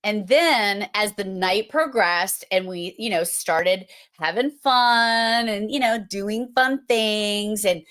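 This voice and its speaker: Woman, unhurried, playful storytelling host. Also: medium pitch, fairly bright tone. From Massachusetts. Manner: storytelling, playful and chatty, with filler words. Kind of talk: casual presentation.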